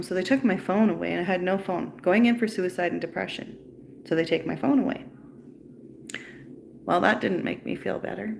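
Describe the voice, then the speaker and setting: A woman talks into her livestream, recounting what happened to her. She sounds upset and bitter, and her voice has a gravelly, creaky edge. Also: lowish voice, a little hiss or hum. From Canada. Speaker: livestream host. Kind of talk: personal storytelling livestream.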